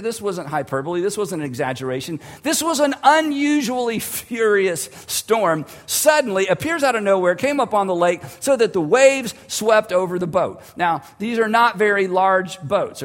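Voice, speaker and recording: A male pastor tells a story to his congregation in a vivid, conversational sermon. His voice sits high and he leans on dramatic pauses. The sound carries a long reverb from a large church room. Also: a bit bright.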